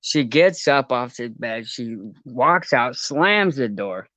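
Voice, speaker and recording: A man casually telling a long rambling story, halting and laughing as he goes. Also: mid-range voice, lively intonation, pushed and bright, no echo, low-quality recording.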